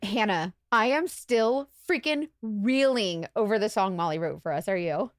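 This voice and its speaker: A woman co-hosting a podcast, expressive with emphatic reactions in casual chat. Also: mid-range voice, moderate pace, no room sound. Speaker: podcast co-host.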